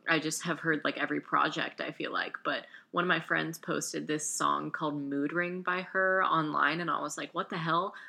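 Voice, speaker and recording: A woman's voice: low-pitched, vocal fry, pushed and bright. A woman hosting a podcast, talking in a casual, rambling way full of fillers between songs. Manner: rambling, chatty, lots of fillers. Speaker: podcast host. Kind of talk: casual chat.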